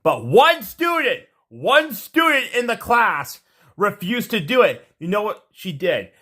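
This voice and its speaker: A man's voice: high-pitched, measured pace. A man telling a story to his viewers in a rambling, repetitive way, ending with a moral and a sign-off. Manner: rambling, animated, repeats himself. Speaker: vlogger. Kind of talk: casual storytelling to camera.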